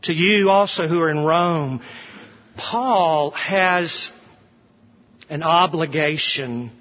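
A man's voice: fairly high pitch, takes it slowly. A male pastor preaching an expository sermon in a church sanctuary, earnest and emphatic, repeating phrases for emphasis. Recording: dull recording with long hall reverb.

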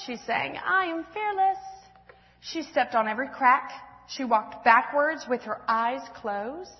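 High-voiced woman reading in an echoey church. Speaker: church speaker. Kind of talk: reading a children's storybook aloud to a congregation. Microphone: handheld or stand mic. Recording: echoey church hall, dull sound.

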